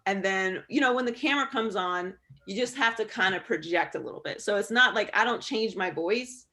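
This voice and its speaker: Woman, sports broadcaster, relaxed candid talk, fillers, video call. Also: medium pitch, a little fast. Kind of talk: answering student questions in a video call Q&A.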